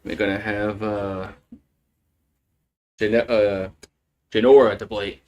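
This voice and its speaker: Guy doing laid-back softball play-by-play from his house, chatty, says "man" a lot. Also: fairly low pitch, little pitch movement, slow pace, lo-fi sound. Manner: casual, chatty, with fillers like "man". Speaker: play-by-play commentator. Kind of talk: live solo play-by-play from home. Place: at home with a barking dog.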